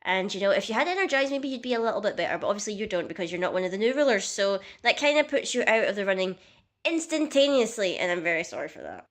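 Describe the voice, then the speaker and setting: A woman's voice: mid-range voice, very animated, fast, a bit bright. A young woman vlogging casually in a chatty, self-mocking and dramatic way. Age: young adult. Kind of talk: casual comedic vlog.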